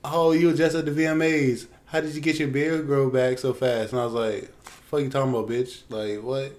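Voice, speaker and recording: A man's voice: mid-range voice, brisk. Profane, ranting young man. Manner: profane, ranting, animated impressions of others. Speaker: podcast co-host. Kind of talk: casual podcast rant.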